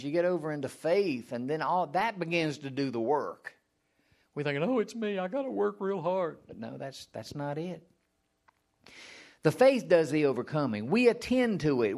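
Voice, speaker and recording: A man preaching in a relaxed, conversational manner. His voice sits a little higher than most men's. He poses questions to his listeners and answers them himself. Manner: acts out mock prayers in a high strained voice. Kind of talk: sermon.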